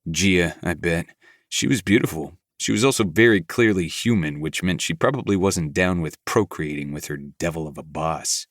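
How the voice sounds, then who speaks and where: A man narrating a novel in first person with a flat, gruff delivery. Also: sits low, normal speed, no echo, clean studio sound. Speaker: audiobook narrator. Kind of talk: scripted narration.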